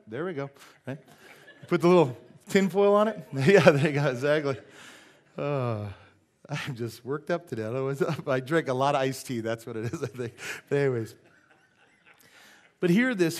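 A man preaching a sermon in church, animated and joking, often asking the congregation for an amen and tossing in silly voices and sound effects. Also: a little high. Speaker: pastor. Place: church sanctuary.

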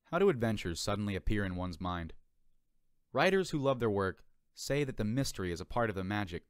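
A man narrating an audiobook in a measured, expressive reading, recorded by himself. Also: lowish voice, clean tone, no room sound, studio quality. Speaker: audiobook reader. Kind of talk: scripted narration. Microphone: home recording.

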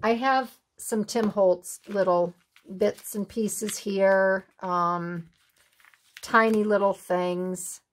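A woman's voice: mid-range voice, fairly even intonation, drawn-out words, slight background noise. A middle-aged woman hosting a craft video, chatting casually in a rambling, folksy way while she works in her craft room.

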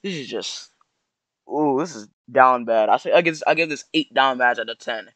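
A young man doing casual reaction commentary in a loose, slangy ramble. His delivery sounds mock-sorrowful, and his voice has a middling pitch. It is recorded close up in a dry room with no echo. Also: moderate pace, a bit bright. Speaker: YouTuber reacting to posts.

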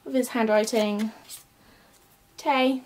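A woman's voice: a little high, fairly even intonation, slow pace, darkish tone, a little hiss or hum. A young woman chatting casually as she unboxes an album at home, giggling often. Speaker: vlogger. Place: at home, indoors. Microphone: camera mic.

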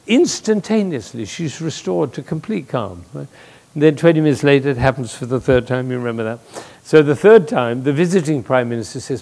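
An older man giving a lively, playful talk to an audience, telling stories and jokes as a speaker on music and leadership. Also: mid-range voice, a little fast, vocal fry. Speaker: conductor and speaker.

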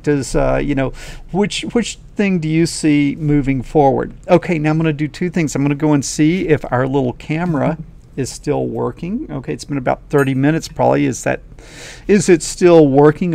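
A man's voice: mid-range voice, vocal fry, warm tone. A man teaching a coding lesson in a casual, folksy, enthusiastic way, talking straight to his viewers. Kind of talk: casual screen-recorded lesson.

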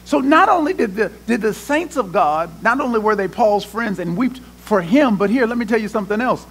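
Man, pastor, high voice, animated sermon, acts out prayers, calls out to congregation. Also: a little fast. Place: church sanctuary.

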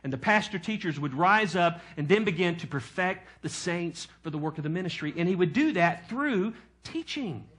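Bright-voiced, high-pitched male pastor preaching. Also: expressive, normal speed, few pauses. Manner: emphatic preaching with questions to the congregation. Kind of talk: sermon.

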